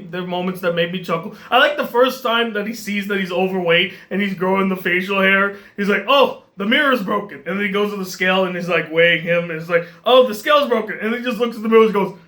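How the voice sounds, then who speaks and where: A man giving a casual film review in an animated way, often laughing and restarting his sentences. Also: high voice. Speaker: movie reviewer.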